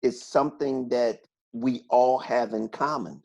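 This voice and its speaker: A man joins a video call as a guest, a motivational teacher. He speaks at an ordinary, mid-range pitch and sounds calm and earnest, choosing his words reflectively. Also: a little slow, gravelly, lo-fi sound. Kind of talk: casual video-call conversation.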